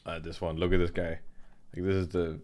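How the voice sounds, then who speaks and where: A young man hosting an art livestream, rambling and joking in a relaxed chat while he laughs and swears. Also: low voice, fairly quick. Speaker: livestream host and digital artist.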